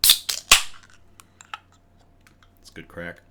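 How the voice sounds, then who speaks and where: A man's voice: lowish voice, big pitch swings, moderate pace, a bit bright. A man hosting a casual live good-news show from home, chatty and upbeat, a little out of breath. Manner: chatty and upbeat, with chuckles and restarts.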